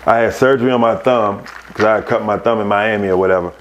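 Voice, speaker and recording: A man, a podcast guest, telling casual stories, animated and laughing as he acts out other people's voices. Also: fairly low pitch, quick pace, lo-fi sound, slight background noise. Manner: animated, laughs through his anecdotes. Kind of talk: casual storytelling.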